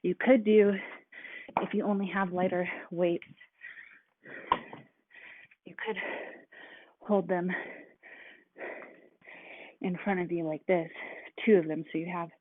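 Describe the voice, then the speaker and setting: A woman casually talking through workout moves as a fitness instructor, relaxed and chatty with many fillers. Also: on the low side, takes it slowly, pauses often, slight background noise. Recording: tinny, dry, phone-like sound.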